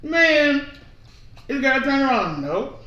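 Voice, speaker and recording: A man in casual chat at home, telling slangy, joking stories in an animated way. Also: sits high, unhurried, lo-fi sound. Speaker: co-host of a family channel. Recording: echoey room, a bit far from the mic.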